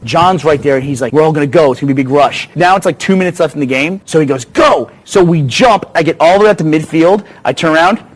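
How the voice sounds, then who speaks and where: A man's voice: on the high side, quick pace, few pauses. A man, a podcast host, telling comic stories in casual chat, acting out quotes and laughing through his lines. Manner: animated, laughs mid-sentence, acts out quotes.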